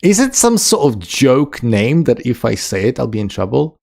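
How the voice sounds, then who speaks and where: A man streaming live and chatting casually with his viewers, reading their comments aloud and answering them. His voice sits at an ordinary pitch with a gravelly, creaky texture. He jokes around and laughs often. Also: big pitch swings, moderate pace, darkish tone. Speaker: chess streamer.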